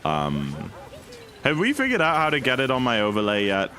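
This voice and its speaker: A man's voice: mid-range voice, wildly swooping pitch, moderate pace, pushed and bright, soft background music. A man casually chatting and joking with his chat while speedrunning on a livestream. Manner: playful, jokey, reads chat aloud. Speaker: streamer.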